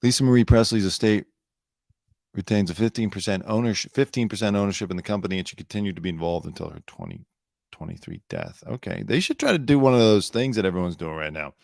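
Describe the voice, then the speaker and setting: A man's voice: lowish voice, sing-song, fast talker, creaky, darkish tone, no echo, studio quality. A man hosting his own show, talking casually and sarcastically, rambling and swearing freely. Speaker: show host. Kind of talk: casual solo commentary.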